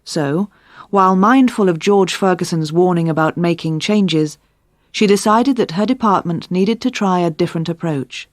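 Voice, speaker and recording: Female narrator for a learners' crime story, lower voice, steady and clear delivery. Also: moderate pace, no echo, clean studio sound. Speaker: audiobook narrator. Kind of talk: scripted narration.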